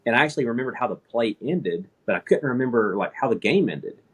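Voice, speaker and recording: A man's voice: mid-range voice, expressive, fast talker, a bit bright, slightly rough. A man in his thirties, an air traffic controller, telling a personal story in casual conversation and laughing at himself.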